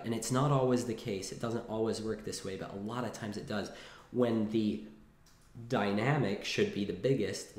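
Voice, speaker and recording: This piano teacher's voice is fairly low and darkish as he runs a relaxed lesson in a piano room, talking things through and restarting often. Between words he sings phrases and demonstrates at the keys. Piano fills the gaps between his phrases, and the room gives the audio a roomy echo.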